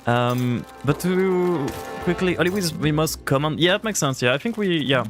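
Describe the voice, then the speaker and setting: Over background music, a man livestreams a game, his fairly high voice animated and moving at a moderate pace. He rambles casually, full of "like" and other fillers, reacting to his viewers' chat and answering it out loud.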